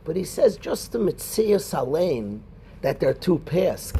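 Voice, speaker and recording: A rabbi teaching a Talmud class in a conversational way, quoting Hebrew and Aramaic and calling on students by name. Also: male voice, a little high, big pitch swings, unhurried, vocal fry, dark tone, slight background noise.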